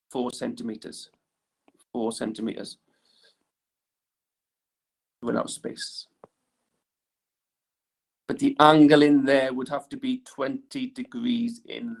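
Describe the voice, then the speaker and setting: A man's voice: medium pitch, creaky. A male teacher giving an engineering lesson in a classroom. He talks while drawing on the board and keeps checking in with "right?" tag questions.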